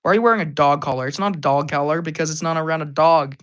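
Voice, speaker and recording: A hyper man runs a casual live stream Q&A, reading out viewer comments and responding to them. His voice is on the high side, a bit bright and slightly hoarse, he talks at a racing pace, and he laughs frequently.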